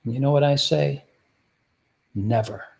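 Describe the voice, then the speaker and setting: A man's voice: medium pitch, a little slow, gravelly, a little mellow. A man preaching a sermon, teaching through rhetorical questions he puts to his listeners. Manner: rhetorical, repeatedly asks the audience "guess what".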